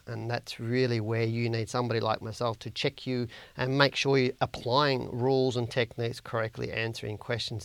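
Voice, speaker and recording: A man's voice: medium pitch, creaky, dry recording. An Australian man hosting a share trading podcast, talking casually through stock charts and viewer questions, blunt and repetitive for emphasis. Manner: chatty and blunt, repeats words for emphasis.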